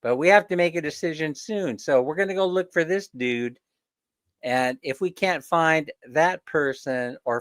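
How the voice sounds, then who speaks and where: A man's voice: mid-range voice, fairly bright tone, dry recording, clean studio sound. A man hosting a casual live chat with viewers, telling stories, chuckling often, and mimicking the people he quotes. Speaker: host.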